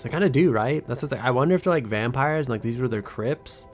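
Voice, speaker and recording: A young man streams a game and rambles through casual, joking commentary full of swearing. His voice sits at an ordinary male pitch. Soft music plays faintly behind him. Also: fast, hardly any pauses. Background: faint background music.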